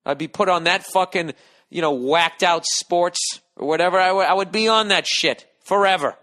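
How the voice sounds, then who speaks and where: A middle-aged American man hosting a podcast, telling a profane, animated comic story and acting out the people in it. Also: high voice, moderate pace. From United States. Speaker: podcast host. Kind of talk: casual comedic monologue.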